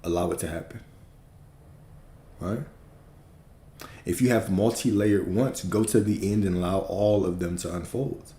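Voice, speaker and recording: Preacherly man with a dark, low voice. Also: a little slow, long pauses, echoey room. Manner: emphatic, preacherly, repeats phrases, casual swearing. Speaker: spiritual teacher. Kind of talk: livestream teaching.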